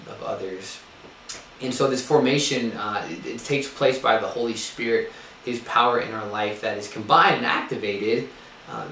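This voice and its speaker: An earnest young man delivers a sermon-style talk in a fairly low voice, pausing often on ums. He is heard from some distance in a reverberant room. A faint hiss runs under it. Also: a bit bright. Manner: earnest, with frequent ums and restarts. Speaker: speaker giving a spiritual talk. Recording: echoey room, distant mic, faint noise.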